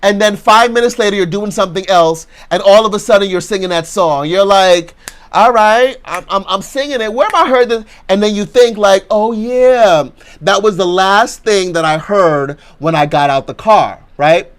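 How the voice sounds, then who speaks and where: High-voiced male pastor, conversational motivational sermon, leads call-and-response affirmations. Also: moderate pace. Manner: conversational, chatty asides.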